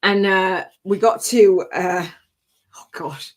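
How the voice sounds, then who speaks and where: A woman's voice: medium pitch, fairly even intonation, takes it slowly. Older woman, spiritual coach on a live stream, emotional and rambling, laughs through tears. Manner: tearful, laughing, heartfelt and rambling. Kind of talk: emotional personal talk on a livestream.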